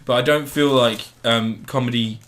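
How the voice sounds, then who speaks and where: A man co-hosting a podcast, talking in a casual, animated way and swearing freely. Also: mid-range voice, moderate pace, a little hiss or hum. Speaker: podcast co-host. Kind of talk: casual chat.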